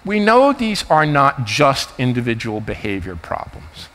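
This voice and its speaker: A man's voice: mid-range voice, wildly swooping pitch, measured pace, a bit bright. A man in his fifties from the United States with a New Jersey accent, giving an emphatic, anecdotal keynote talk at a conference. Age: 50s. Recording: reverberant hall.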